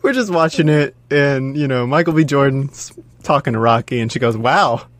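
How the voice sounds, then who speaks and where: A man co-hosting a casual podcast chat, telling jokey stories in an animated way. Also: mid-range voice, a little fast, no room sound. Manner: animated joking storyteller. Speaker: podcast co-host.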